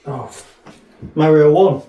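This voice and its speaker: A man's voice: fairly high pitch, takes it slowly, reverberant, recorded from a distance, dull audio. A man co-hosting a casual podcast, teasing his co-host in a dry manner and laughing along. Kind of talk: casual chat.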